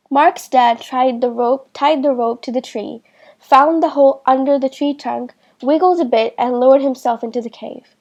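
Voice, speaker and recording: A woman reads a children's storybook aloud in a slow, clear way for beginners. Her voice is high and her tone is soft and mellow. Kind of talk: children's book read-aloud.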